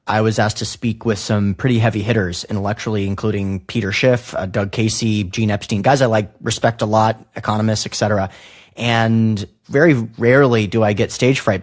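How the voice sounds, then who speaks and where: A man hosting a podcast, talking in a relaxed, conversational, joking way. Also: fairly low pitch. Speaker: podcast host. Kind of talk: casual interview talk.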